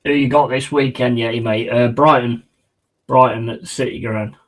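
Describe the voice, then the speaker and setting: A man chatting excitedly and casually as he hosts a live football watch-along stream. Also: medium pitch, moderate pace, poor audio.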